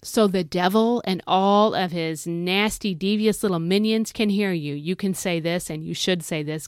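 A woman's voice: medium pitch, normal speed, few pauses, smooth, dry recording, studio quality. A middle-aged woman hosting a devotional podcast, preaching in a fervent, folksy, exhorting way. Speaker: podcast host.

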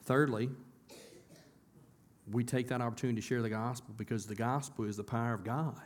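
Conversational pastor preaching a sermon. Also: male voice, mid-range voice, steady tone, fairly quick. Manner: conversational preaching, questions to the congregation. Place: church.

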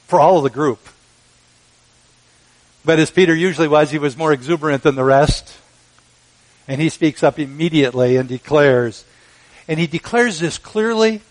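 A man preaching a sermon, measured and emphatic, with dramatic pauses. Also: fairly high pitch, low-quality recording. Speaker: pastor.

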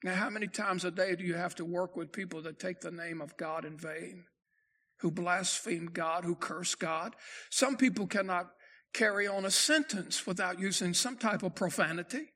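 A man preaching a sermon as pastor, emphatic and slowing down to lift his voice for quoted scripture. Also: high voice, sharp tone.

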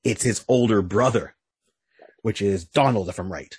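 Casting note: male podcast host, low husky voice, dry close sound, chatty stammering storyteller. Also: moderate pace, no echo. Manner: stammering restarts, frequent "you know"; lively storytelling retelling. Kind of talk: casual podcast chat, recapping a comic.

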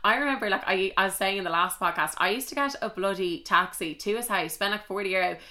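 A woman's voice: mid-range voice, fast, sharp tone. A young woman with an Irish accent hosting a podcast, telling personal stories in a candid, chatty way and swearing freely. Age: young adult. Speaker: podcast host. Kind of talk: casual confessional storytelling.

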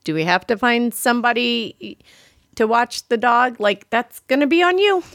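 A woman co-hosting a podcast, chatting in a relaxed way, laughing often and quoting others in a squeaky voice. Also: moderate pace, gravelly, no room sound, clean studio sound. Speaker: podcast co-host. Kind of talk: casual chat.

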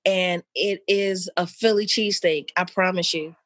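A mother talking with an old friend in loose, rambling chat, with lots of fillers and lively pitch jumps when she quotes people. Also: moderate pace, no room sound, clean studio sound. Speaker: mother of an eleven-year-old.

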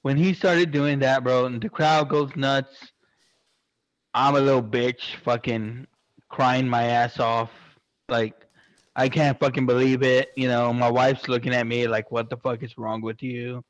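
A man chatting casually, excitable and swearing constantly, rambling with lots of fillers. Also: mid-range voice, a little slow, no echo, muffled recording. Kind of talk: casual chat.

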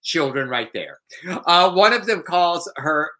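A man co-hosting a podcast, retelling a news story in lively casual chat with mock quotes. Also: a little high, measured pace. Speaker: podcast co-host.

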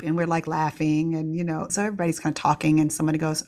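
A woman's voice: sits low, little pitch movement, rapid-fire, few pauses, a little mellow. A middle-aged woman, a pediatrician, candidly telling a personal story with laughs and restarts. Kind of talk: reflective storytelling.

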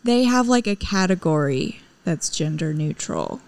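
A woman's voice: lowish voice, very animated, unhurried, a little mellow. A woman in her thirties co-hosting a casual podcast chat, rambling and laughing easily. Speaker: podcast co-host.

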